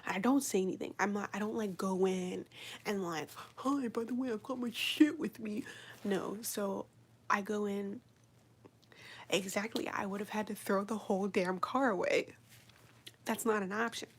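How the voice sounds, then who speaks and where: A woman chatting casually on a live stream, telling a rambling, profane story full of "like" and sometimes dropping to a hushed whisper. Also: medium pitch, normal speed, breathy edge. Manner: drops into a hushed whisper at times.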